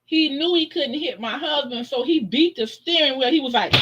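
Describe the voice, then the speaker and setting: A woman chatting as a guest on a live stream, telling stories in a lively way and laughing often. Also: high-pitched, very noisy. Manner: animated, laughs often, acts out voices in her stories. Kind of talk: casual storytelling.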